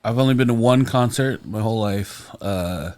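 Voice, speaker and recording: A man's voice: lowish voice, normal speed, a little mellow. Man telling a rambling comic story. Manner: rambling, self-mocking anecdotes. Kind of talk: casual comedic storytelling.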